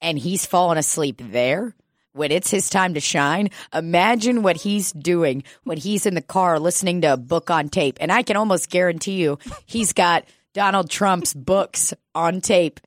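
Profane, storytelling woman with a low voice. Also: moderate pace, no room sound, clean studio sound. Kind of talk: casual storytelling chat.

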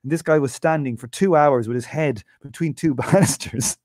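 A man's voice: fairly high pitch, normal speed, a little mellow, dry recording, studio quality. An Irish man co-hosting a podcast, swearing freely and spinning anecdotes in casual chat. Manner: profane anecdotal storyteller. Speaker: podcast co-host.

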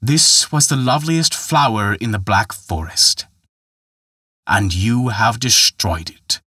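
A man's voice: on the low side, slow pace, pushed and bright, slightly rough, no room sound, studio quality, full character voice. A man voicing an ancient, stern little forest spirit made of glass. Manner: stern, thundering.

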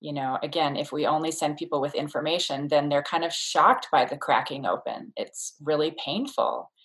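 In a casual interview, a childbirth educator with a notably low female voice lays out her ideas thoughtfully at a moderate pace, looping back with fillers and restarts. The audio quality is poor.

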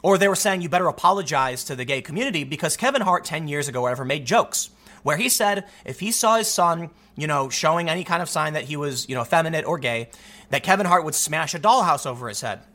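A man giving opinionated solo commentary in an emphatic, animated way, often repeating words as he gets going. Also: a little high, fast. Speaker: political commentator.

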